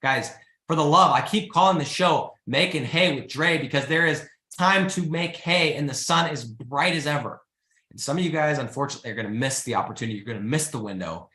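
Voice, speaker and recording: A man's voice: fairly high pitch, brisk, roomy sound. A man hosting a live business show, talking casually and urging listeners to get started, often calling out "guys". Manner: energetic, pleading, says "guys" and "freaking" often. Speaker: host. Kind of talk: motivational live-stream talk.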